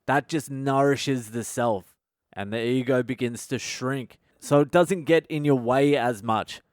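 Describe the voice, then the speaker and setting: A man's voice: medium pitch, measured pace, no room sound, studio quality. A male comedian hosting his own podcast, talking in a casual comedic monologue full of swearing and self-mocking asides.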